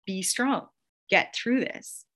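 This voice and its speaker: Speaking slowly in a mid-range, fairly bright voice, a woman in her thirties hosts a podcast. It's a casual, gushing motivational monologue, punctuated by frequent laughter.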